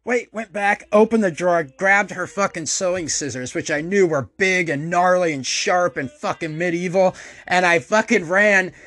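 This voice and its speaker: Podcast host, male, high voice, dry close sound, swears a lot, acts out the quotes loudly. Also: moderate pace, no echo. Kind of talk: casual storytelling monologue.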